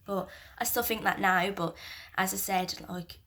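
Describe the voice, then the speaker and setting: A young woman in her twenties, a mother talking candidly to camera, soft-spoken and halting with many restarts, close to tears at times. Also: mid-range voice, steady tone. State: emotional, near tears at times. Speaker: mother and vlogger. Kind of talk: candid personal talk to camera.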